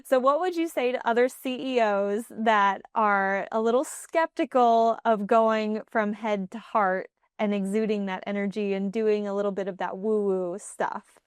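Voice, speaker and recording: A woman's voice: medium pitch, measured pace, clean tone, no room sound, clean studio sound. A woman co-hosting a podcast, asking friendly questions with playful asides. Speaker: podcast co-host. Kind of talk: interview questions, casual chat.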